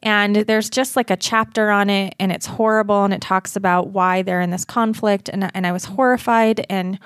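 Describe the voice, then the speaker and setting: A woman from Utah speaks as an interview guest and advocate, earnest and reflective, often turning a critical eye on her own past choices. Her voice sits at a middle pitch and is heard dry and close, with no room sound. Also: fairly even intonation, normal speed, a bit bright, smooth, no room sound. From Utah, USA.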